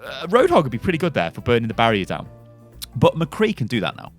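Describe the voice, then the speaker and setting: Brief: excitable male gaming host, lively up-and-down pitch, quick rambling delivery, light music underneath. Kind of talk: casual gaming commentary.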